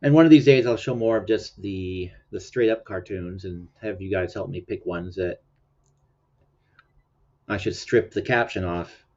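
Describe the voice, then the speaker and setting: A man hosts a relaxed livestream, rambling through casual chat with frequent laughs. He sounds sleepy and keeps yawning, his voice sitting fairly low. The audio is dull and lo-fi. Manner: rambling, chatty, laughs often. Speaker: livestream host.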